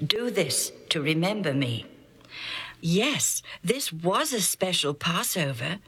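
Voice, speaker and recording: Breathy woman telling a Bible story. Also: slow pace. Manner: expressive, rising to high exclaims and dropping to whispers. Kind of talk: children's Bible story narration.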